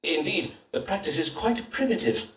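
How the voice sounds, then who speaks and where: An actor playing a pompous, self-assured Elizabethan astrologer-physician who speaks in archaic formal English. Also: male voice, sits high, very animated, normal speed, a bit bright, slight background noise. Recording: roomy distant game audio with faint ambience.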